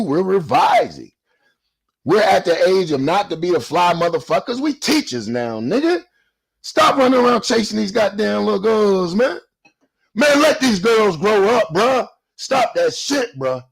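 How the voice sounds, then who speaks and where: A heated man in his forties rants on camera in a profane street-preacher cadence. His voice sits high and swings widely, with a gravelly, husky grain. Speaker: YouTube commentator. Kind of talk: ranting response video.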